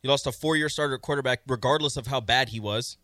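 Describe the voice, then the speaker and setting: A blunt sports-radio co-host who argues in short, clipped bursts. His voice is bright and forceful, recorded close in a dry studio. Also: mid-range voice, quick pace, no echo.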